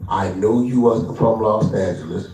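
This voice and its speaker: A man's voice: lowish voice, measured pace, warm tone. Taunting man ranting in a roomy room. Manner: taunting, acts out others' lines in mock voices. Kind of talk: confrontational street-slang rant. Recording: roomy distant audio with music behind.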